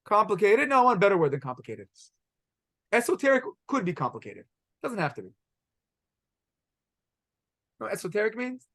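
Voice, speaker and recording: This middle-aged rabbi's voice sits high and fairly bright, with big pitch swings, a fairly quick pace, and long pauses. He teaches a halacha class, energetically quizzing students and pronouncing Hebrew in the Israeli manner during this question-filled lecture.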